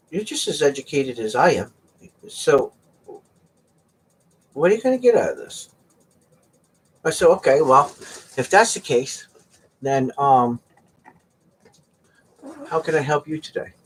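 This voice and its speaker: Husky, joking man hosting a livestream auction. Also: mid-range voice. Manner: joking, rambling storyteller who laughs a lot. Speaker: live auction host. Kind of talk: casual live-stream auction chat.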